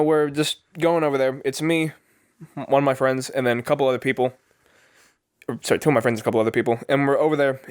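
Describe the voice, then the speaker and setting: A young man in his twenties tells a rambling story on a casual podcast, often breaking into laughter and swearing as he acts out what other people said. His voice sits at an ordinary middle pitch. The sound is close and dry, with no room around it. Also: dry recording. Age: 20s. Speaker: podcast co-host.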